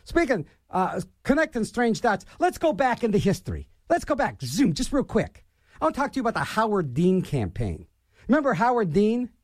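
A man's voice: high-pitched, huge pitch swings, moderate pace, a little mellow, no echo, studio quality. A middle-aged man hosting a radio show and delivering an opinionated political rant, scornful and repeating his phrases for emphasis.

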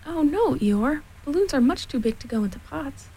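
A woman voicing a cheerful, simple male bear in a storybook reading, eager and excited. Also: high-pitched, normal speed, voice pushed up, poor audio.

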